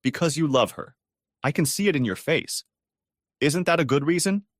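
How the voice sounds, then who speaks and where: A man's voice: a little high, lively intonation, normal speed, no echo, clean studio sound, pitched above the performer's own voice. A man putting on a fierce pleading woman. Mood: earnest. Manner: urgent, pleading, raises voice. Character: worried, indignant woman friend pleading for help.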